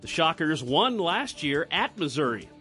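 A man's voice: on the high side, big pitch swings, pushed and bright, faint music behind. A man co-hosting morning radio, trading dry quips and then reading a sports report. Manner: dry, matter-of-fact quips; reads sports news briskly. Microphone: studio microphone.

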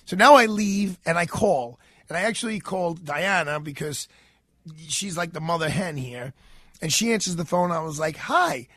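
A man's voice: fairly high pitch, normal speed, no room sound, studio quality. A middle-aged man, hosting a talk radio show and telling a story while acting out the voices he quotes. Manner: animated, acts out quoted voices.

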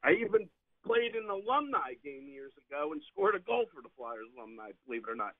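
A man's voice: mid-range voice, lively intonation, fast. Choked-up older male caller on phone. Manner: sentimental, choked up. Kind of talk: emotional call-in to sports radio. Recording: tinny phone line.

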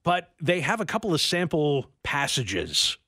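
A man co-hosting a radio talk show in casual banter, playful and animated, reading listener comments aloud. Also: fairly high pitch, measured pace, slightly rough, no room sound, studio quality.

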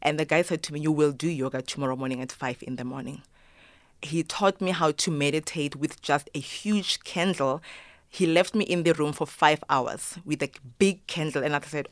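Low-voiced woman telling her story. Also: moderate pace, no echo. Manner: animated, acts out quoted voices, mixes in Zulu phrases. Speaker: guest, choreographer and yoga teacher. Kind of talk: emotional personal storytelling.

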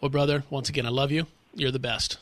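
Male talk-radio host, effusive, quick and bright, dry studio sound. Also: mid-range voice, fairly even intonation, dry recording. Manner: enthusiastic, effusive. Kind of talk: radio talk show hosting.

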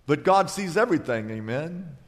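High-voiced preacher in a reverberant hall. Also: male voice, expressive, moderate pace. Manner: humorous storytelling preacher, asks the congregation for amens. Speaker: pastor. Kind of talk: sermon.

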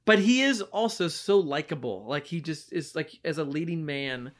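A man co-hosting a casual film podcast, animated and laughing often as he talks about movies. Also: a little high, normal speed. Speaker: podcast co-host. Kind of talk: casual movie review chat.

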